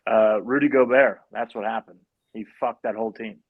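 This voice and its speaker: A man's voice: fairly low pitch, fairly even intonation, moderate pace, narrow, tinny audio. A man cracking crude, profane jokes in a casual sports podcast chat. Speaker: podcast co-host.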